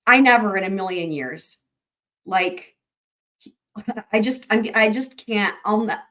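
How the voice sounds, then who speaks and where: A woman hosting a live-stream recap, chatting excitedly and rambling with lots of restarts. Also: mid-range voice, takes it slowly. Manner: addresses viewers directly as y'all. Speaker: YouTube trial-recap host. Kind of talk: live-stream chat with viewers.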